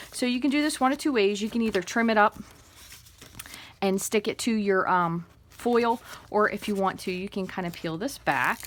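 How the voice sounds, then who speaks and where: Woman craft demonstrator, mid pitch, chatty how-to delivery with little murmured asides. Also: a little hiss or hum. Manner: chatty, step-by-step instructions with fillers; murmurs soft asides while working. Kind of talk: hands-on crafting tutorial.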